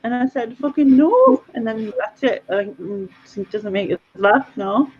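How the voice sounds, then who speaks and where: A woman hosts a casual live chat, telling stories in a chatty, lively way. Her voice sits in a middle pitch. The stream audio is dull and lo-fi. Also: moderate pace, breathy edge. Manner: chatty, animated storyteller. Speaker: host.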